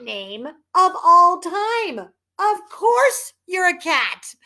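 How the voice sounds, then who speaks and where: Animated woman reading her children's book. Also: very high-pitched, very slow. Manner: animated, emphatic, chatty. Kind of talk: children's storytelling.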